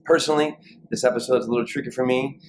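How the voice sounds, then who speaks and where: A man's voice: medium pitch, fairly even intonation, rapid-fire. A man co-hosting a podcast in casual chat, joking loosely and swearing playfully. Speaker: podcast co-host. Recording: noisy background ambience.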